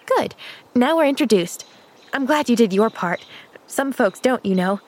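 A woman's voice: on the high side, lively intonation, moderate pace. A woman doing a chirpy eager little girl. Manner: bright, chatty, eager questions. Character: cheerful eager eleven-year-old girl.

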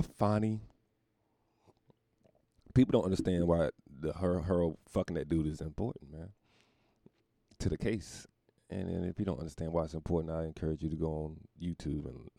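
A man's voice: deep voice, normal speed, creaky, mellow, dry recording, studio quality. A man hosting a solo podcast, ranting crudely and mockingly and laughing at his own jokes. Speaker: podcast host. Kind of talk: solo comedic rant.

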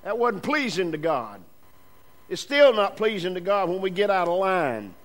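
A man's voice: sits high, very animated, moderate pace, poor audio. A male preacher delivering a sermon, with emphatic repetitions and emphasis that rises and falls.

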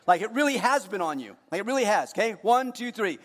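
A man preaching a sermon to his congregation, joking with them and moving between hushed earnest moments and loud, playful ones. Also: sits high, sing-song, quick pace, hardly any pauses, long reverb tail. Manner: jokey, talks directly to the congregation. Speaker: pastor. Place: church hall.

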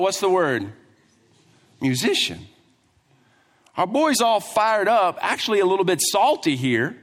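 A man preaching a sermon, telling a Bible story with lively asides and acting out the characters. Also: high voice, unhurried, pauses often. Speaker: pastor. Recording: long hall reverb.

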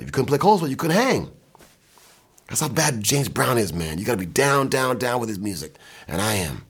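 An older man from Michigan with a very deep, husky voice tells animated stories. He speaks in quick bursts and casual talk, from an indoor recording studio. He sounds like a seasoned music producer. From Michigan, USA. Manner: animated anecdotes, quick bursts, mimics and scats.

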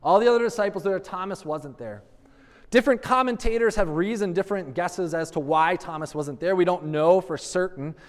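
Male pastor, high-pitched, earnest sermon, echoey hall. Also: a little fast. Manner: conversational, earnest, rhetorical asides. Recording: long hall reverb.

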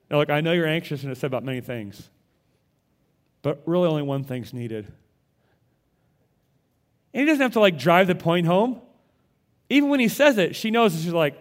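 A male pastor preaching a conversational sermon with animated delivery, often repeating words as he goes. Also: high-pitched, moderate pace, pauses often.

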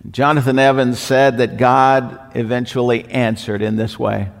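A man preaching a sermon with slow, deliberate emphatic repetition. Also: medium pitch, level tone, creaky. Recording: long hall reverb.

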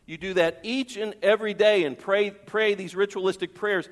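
A man's voice: sits high, steady tone, normal speed, big-room sound. A man preaching a sermon as pastor, emphatic, with rhetorical questions and repeated phrases.

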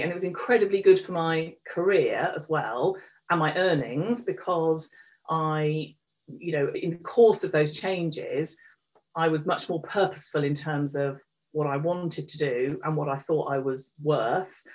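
Frank woman, lower voice. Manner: frank, lively, many fillers and restarts. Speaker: guest. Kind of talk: candid conversational storytelling. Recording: dull lo-fi recording.

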